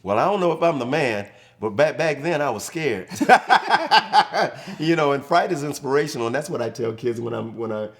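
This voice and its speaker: Older guy on a studio set telling football stories, gets animated and acts out the voices. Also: mid-range voice, normal speed. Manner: animated storyteller, acts out quotes. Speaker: guest, former pro football player. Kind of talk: casual studio chat, storytelling.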